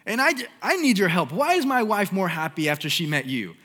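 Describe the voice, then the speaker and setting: A frantic, jealous husband pleads and rants in a high, strained voice, as a preacher acts him out mid-sermon. His bright, sharp tone pushes loud and fast. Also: huge pitch swings, exaggerated voice. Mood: agitated.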